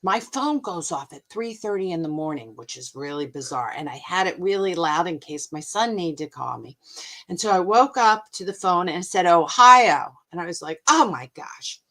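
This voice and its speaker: A woman's voice: on the low side, brisk. Chatty American woman telling stories. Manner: animated, chatty, expressive. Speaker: host and mindfulness coach. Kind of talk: casual storytelling to camera.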